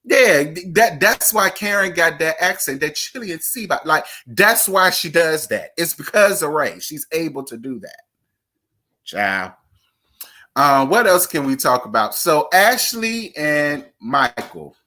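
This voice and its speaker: A man's voice: a little high, very animated, a little slow, pushed and bright. A man, sassy and dramatic as he chats casually about reality TV gossip. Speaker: gossip vlogger.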